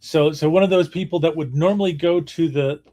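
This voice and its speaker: A man's voice: a little high, a little fast, dark tone. A man co-hosting a casual livestream, speaking hesitantly with repeated words and dry jokes. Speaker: stream co-host. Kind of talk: casual chat on a co-working livestream.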